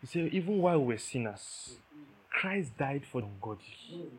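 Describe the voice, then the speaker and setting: A man's voice: mid-range voice, big pitch swings, normal speed, a little hiss or hum. A man preaching a sermon, emphatic, repeating key phrases and checking that listeners understand.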